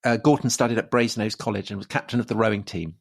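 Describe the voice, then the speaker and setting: This English podcast co-host has a fairly low, gravelly voice with a breathy edge, and he speaks fast. On the casual history show he fills his talk with fillers and restarts and laughs softly between points.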